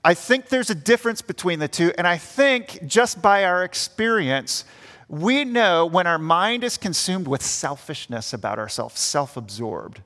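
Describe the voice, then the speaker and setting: A man's voice: sits high, big pitch swings, a little slow, bright, forceful tone. A young man preaching an earnest sermon as pastor, acting out the grumbling voices he quotes. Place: church. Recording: long church reverb.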